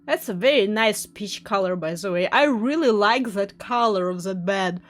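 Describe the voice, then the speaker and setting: A young woman streaming a game live, commenting excitably, laughing often and jumping at scares. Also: medium pitch, moderate pace.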